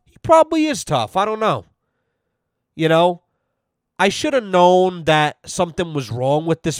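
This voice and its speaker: A smooth, slightly high male voice is heard in studio quality with no room sound. Hosting his own podcast, he launches into a rant that's mock-serious, profane and repetitive, with "you know" recurring constantly.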